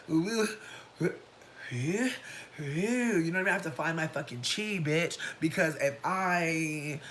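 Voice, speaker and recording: A person in their thirties telling a story on a casual livestream, profane and animated, breaking into shouts and laughter. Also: mid-range voice, a little hiss or hum. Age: 30s. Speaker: livestream host.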